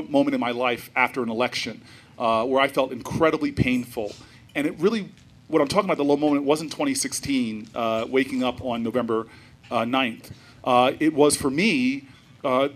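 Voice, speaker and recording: A man from New Jersey, a senator, giving an animated public talk to an audience, telling stories with frequent restarts and asides. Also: medium pitch.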